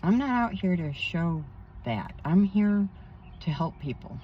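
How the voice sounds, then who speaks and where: A woman's voice: fairly low pitch, lively intonation, unhurried, muffled recording, a little hiss or hum. A woman working as a spiritual counselor, talking in a rambling personal vlog outdoors by a pond, emphatic with indignant asides.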